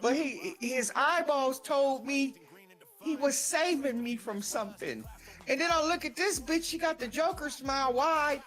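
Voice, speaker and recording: Profane, animated woman telling a story. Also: high-pitched, unhurried, faint music behind. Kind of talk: casual storytelling.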